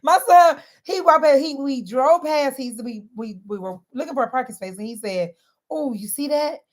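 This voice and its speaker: A fairly high-voiced woman speaks directly to her viewers. She preaches like a sermon and repeats her key phrases. Her talk is casual and full of slang. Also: normal speed. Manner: animated, sermon-like, southern-inflected slang with frequent laughs. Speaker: faith-based wellness vlogger.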